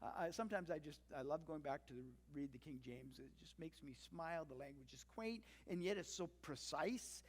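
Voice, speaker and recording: A pastor preaches in a relaxed, conversational way, with wry asides and lively acted-out quotes. The voice sits at a middle pitch. A long reverb hangs on every phrase, as in a large church sanctuary. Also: a little fast, few pauses. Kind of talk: sermon.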